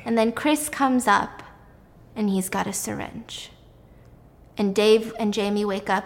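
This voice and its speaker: Animated young woman retelling a movie. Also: medium pitch, unhurried, long pauses, big-room sound. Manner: animated, swears casually. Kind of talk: casual film plot recap.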